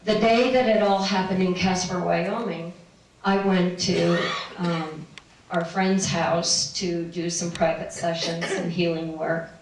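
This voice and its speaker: A woman's voice: on the low side, steady tone, takes it slowly, a little hiss or hum. Middle-aged woman, spiritual speaker, rambling talk full of laughs, far off the mic in a very echoey room. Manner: meandering, laughing often. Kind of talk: personal storytelling talk to a live audience. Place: room with an audience.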